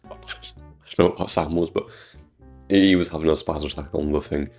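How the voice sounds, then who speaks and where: A man's voice: rumbling low, fairly even intonation, moderate pace, darkish tone, faint music behind. A man with a British accent, rambling crude jokes over gameplay commentary. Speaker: gaming YouTuber.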